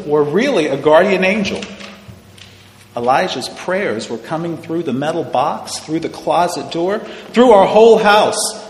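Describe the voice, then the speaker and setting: Man reading a story in an echoey hall. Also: a little high. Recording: echoey hall with long reverb and faint noise.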